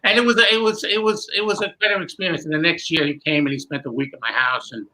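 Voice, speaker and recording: A man recounts a long story in a relaxed interview, his voice fairly high and very bright. He talks with energy and slips into the voices of the people he describes. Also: fast, poor audio. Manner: animated, acts out dialogue. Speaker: guest magician. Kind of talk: casual storytelling.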